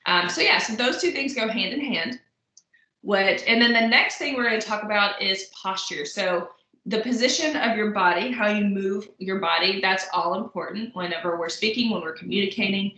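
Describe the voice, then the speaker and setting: A woman's voice: mid-range voice, normal speed, sharp tone. A woman instructor giving a recorded lecture in a conversational way, with frequent fillers and asides. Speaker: college instructor. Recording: echoey room.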